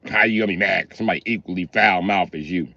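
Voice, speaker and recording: A man's voice: deep voice, racing, sharp tone, dry recording. A middle-aged man on a livestream, ranting bluntly and crudely in a heated, comic way. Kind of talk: profane comic rant on a livestream. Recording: slightly dull lo-fi stream mic.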